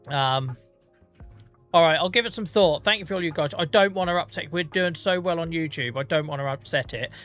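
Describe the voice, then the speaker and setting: A man's voice: a little high, fairly bright tone. A man with a Norfolk accent, chatting casually to his live-stream viewers while gaming, self-mocking and laughing often.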